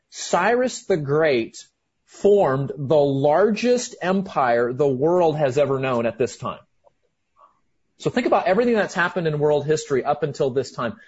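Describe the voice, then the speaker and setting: Excitable high-voiced preacher, husky. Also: male voice, dull audio. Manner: excited, emphatic, with frequent restarts. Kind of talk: sermon.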